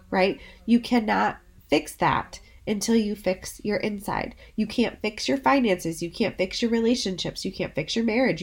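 A woman hosting a solo podcast, talking in an encouraging, chatty way while her voice is worn from being sick. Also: medium pitch. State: sick, voice under the weather. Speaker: podcast host.

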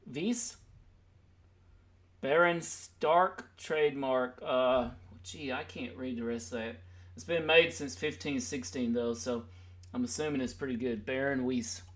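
A man hosting a podcast in casual chat, joking and rambling as he teases his co-hosts. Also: mid-range voice. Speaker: podcast host.

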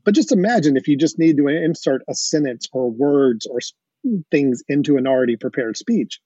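Warm and mid-range with a breathy edge, a podcast host speaks at normal speed in casual conversation. He explains things eagerly, letting out an occasional chuckle. The lo-fi recording is dry and dull.

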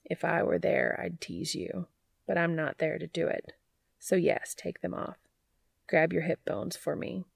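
A woman reading the part of an adult man in love, voicing him soft, low and breathy. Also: level tone, a little slow, no room sound, exaggerated voice. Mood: hushed, intimate. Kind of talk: audiobook character reading.

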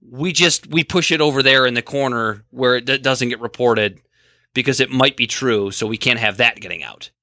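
A man co-hosting a podcast, talking in casual, animated and exasperated bursts about politics. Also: mid-range voice, moderate pace, no echo, studio quality. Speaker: podcast co-host.

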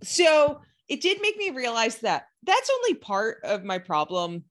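Woman podcast co-host, slightly high voice, emphatic and opinionated. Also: huge pitch swings, unhurried. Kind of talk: casual chat.

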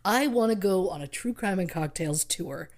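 A woman's voice: on the low side, lively intonation, moderate pace, a little mellow. A woman co-hosting a casual podcast, bantering in a playful, joking way. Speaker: podcast co-host.

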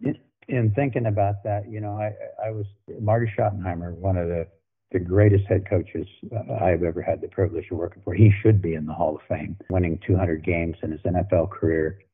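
A man's voice: deep voice, fairly even intonation, brisk, breathy edge. An older man, a former football coach, telling anecdotes in a folksy way, often repeating himself as he goes. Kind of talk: storytelling guest on a podcast. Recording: phone-like narrow sound.

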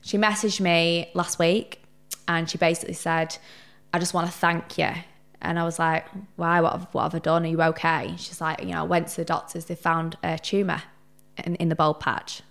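A young woman telling stories in a casual interview chat, animated and swearing freely. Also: on the low side, moderate pace, vocal fry. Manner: chatty, animated storyteller who swears casually. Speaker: podcast guest.

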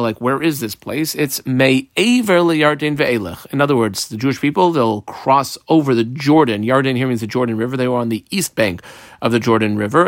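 A man's voice: medium pitch, no room sound, studio quality. Man teaching a Talmud class. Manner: explanatory, mixing Hebrew and Aramaic terms into English, with frequent fillers.

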